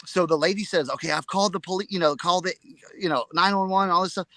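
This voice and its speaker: A man co-hosting a casual live chat, telling a story in an excitable, rambling way and repeating his words. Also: sits high, quick pace, dry recording. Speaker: reseller show co-host.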